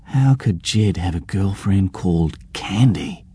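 Deep, husky male narrator. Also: expressive, a little slow, hardly any pauses, warm tone, dry recording. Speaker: audiobook narrator. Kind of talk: scripted narration.

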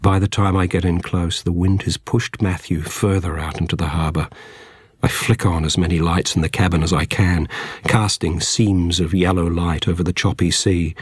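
A man reading first-person narration from a book in a measured, quiet, unhurried way. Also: sits low, flat delivery, slightly rough, no room sound, clean studio sound. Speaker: audiobook narrator.

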